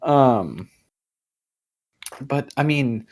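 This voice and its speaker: Young guy podcast cohost, mid pitch, lots of ums and restarts, swears casually. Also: animated, extremely slow, a little mellow, slight background noise. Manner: rambling, hesitant, many fillers and restarts. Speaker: podcast co-host. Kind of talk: casual chat.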